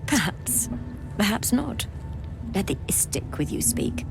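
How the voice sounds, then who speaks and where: A woman voicing a haughty githyanki healer who talks in a hushed, clinical and condescending way, over game music. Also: medium pitch, big pitch swings, a little slow, creaky. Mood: scornful.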